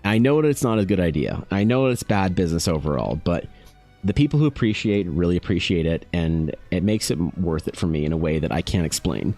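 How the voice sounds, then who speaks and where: A man's voice: sits low, expressive, a little fast, darkish tone, faint music behind. A man, an artist, chatting casually with his live-stream audience, rambling and self-deprecating, often talking to viewers by name.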